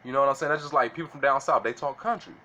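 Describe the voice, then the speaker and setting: Casual vlogger, man, slangy and bright, faint noise behind. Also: mid-range voice, very fast. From Illinois. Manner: slangy, keeps asking "you know what I'm saying". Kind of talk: casual monologue to camera.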